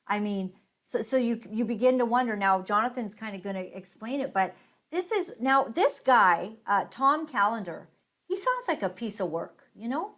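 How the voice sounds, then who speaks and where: A woman's voice: a little high, sing-song, moderate pace, fairly bright tone. A woman hosting a casual talk show, chatting conversationally as she leads the discussion and cues up clips. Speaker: host. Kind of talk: casual chat reacting to clips.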